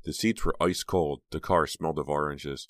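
A man narrating an audiobook in a steady, measured reading. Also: extremely low pitch, dry recording, studio quality. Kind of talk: scripted narration.

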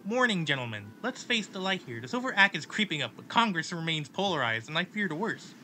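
A man voicing a stern, worried male president giving brisk orders in a game story. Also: high-pitched, very animated, pushed and bright, a little hiss or hum, heavily acted.

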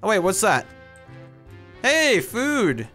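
A man's voice: high-pitched, huge pitch swings, slow, sharp tone, soft background music. A man doing comedic game commentary, complaining in a whiny, exasperated way. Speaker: gameplay skit narrator.

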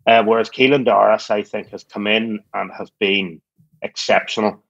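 A man's voice: on the low side, flat delivery, moderate pace, vocal fry, no echo, highs cut off. Dry-humoured Irish man chatting. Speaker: podcast guest. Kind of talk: casual chat.

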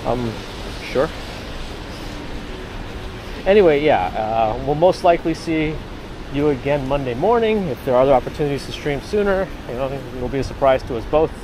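A man's voice: medium pitch, animated, moderate pace, pauses often. A man with a New York accent hosting a walking livestream, chatting casually in a rambling way and thanking viewers as he walks outdoors. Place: outdoors on rainy city streets. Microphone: handheld camera rig. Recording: outdoor street noise. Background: street traffic.

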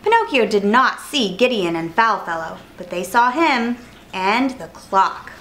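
A woman storyteller reading a children's picture book aloud in an expressive way. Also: medium pitch, a little slow. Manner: expressive, animated.

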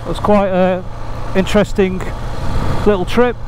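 An older man rambles cheerfully about his motorbike while standing outdoors by a field. His voice sits fairly high, and he pokes fun at himself as he talks. A faint hum of the outdoors sits behind him. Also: fairly even intonation, moderate pace. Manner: chatty, rambling, self-deprecating. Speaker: motorcycle vlogger. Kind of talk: casual vlog chat.

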